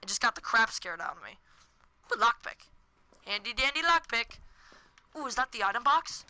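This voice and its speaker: A woman's voice: a little high, very animated, fairly quick, pushed and bright, rough recording. Hyper teenage girl screaming through a horror game. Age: teens. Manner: hyper, jumpy, yelps and screams at scares. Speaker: gaming commentator. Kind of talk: let's play commentary.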